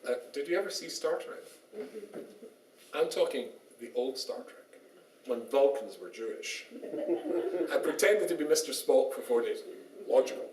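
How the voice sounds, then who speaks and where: A man's voice: medium pitch, unhurried, pauses often. A man, a rabbi, giving a humorous lecture and telling jokes and stories as he goes. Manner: joking storyteller, lively, laughs often. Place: small synagogue lecture room. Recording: roomy, distant, faint background noise.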